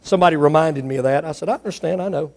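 A male preacher delivering a sermon, moving between quiet storytelling asides and loud, emphatic declarations. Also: very fast, creaky. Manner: swings from low asides to loud ringing declarations.

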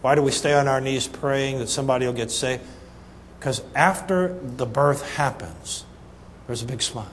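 A middle-aged man preaching a sermon, telling a humorous story in an animated, folksy way that swings between loud punchlines and soft asides. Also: medium pitch, normal speed, a little hiss or hum. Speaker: pastor. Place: church sanctuary. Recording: reverberant church hall, faint ambience.

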